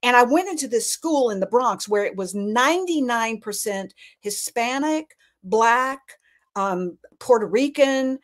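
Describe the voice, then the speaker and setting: A woman's voice: fairly high pitch, unhurried. Chatty woman telling stories. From Alabama. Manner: animated, lots of restarts and laughter. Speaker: guest. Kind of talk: casual storytelling chat.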